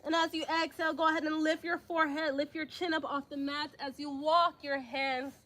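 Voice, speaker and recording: Young woman, high voice, a little out of breath, calm yoga cues, casual asides. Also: fairly quick. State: slightly out of breath. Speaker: yoga instructor. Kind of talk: live yoga class instruction.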